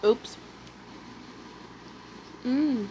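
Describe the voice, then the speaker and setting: A woman talks slowly as she eats on camera, telling an outraged neighbor story. She keeps pausing to chew and swears freely. Faint background noise sits under her voice. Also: fairly high pitch. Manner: animated, indignant storytelling with swearing; pauses to eat, chewing between phrases. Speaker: mukbang vlogger. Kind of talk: casual storytime while eating.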